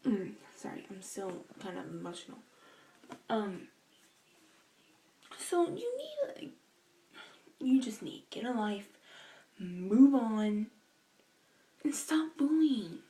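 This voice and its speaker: Slow, emotional young woman vlogging. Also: mid-range voice, expressive, warm tone, low-quality recording. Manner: slow, emotional, halting with sighs and restarts. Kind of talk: earnest vlog talk.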